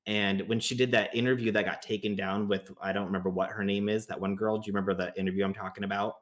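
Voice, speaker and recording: A man appearing as a guest commentator on a live stream, explaining in an animated, emphatic way. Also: fairly low pitch, quick pace. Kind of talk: casual commentary chat.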